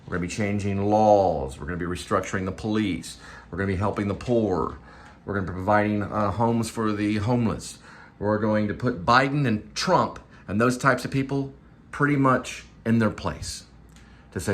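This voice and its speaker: A man's voice: fairly low pitch, normal speed. A man, an actor and vlogger, chatting in a rambling, casual way and drifting from one topic to the next. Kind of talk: casual vlog chat.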